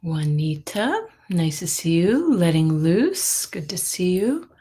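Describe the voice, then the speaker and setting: ゆっくり話す女性の配信ホスト. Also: female voice, on the low side, very animated, slow, mellow, slightly rough. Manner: chatty, greeting viewers by name with frequent laughs. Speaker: psychic livestream host. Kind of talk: casual live-stream chat.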